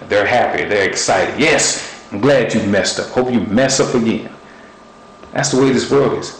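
Preacher man in an echoey room. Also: medium pitch. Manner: repeats short phrases, uses object illustrations. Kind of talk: sermon. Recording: echoey room with faint noise.

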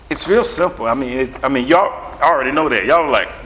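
A middle-aged man preaching a sermon in a lively, conversational way, acting out back-and-forth dialogue. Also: mid-range voice, fairly quick, hardly any pauses, poor audio. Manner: animated, conversational, acts out dialogue with God.

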